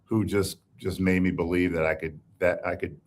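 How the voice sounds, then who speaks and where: A middle-aged man with a notably low, deep voice, speaking as a guest in a relaxed interview. He talks slowly and reflectively, often pausing and restarting his thoughts before landing on what he means. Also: a little hiss or hum. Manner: measured, reflective, hesitant restarts. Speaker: guest executive. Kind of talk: conversational interview.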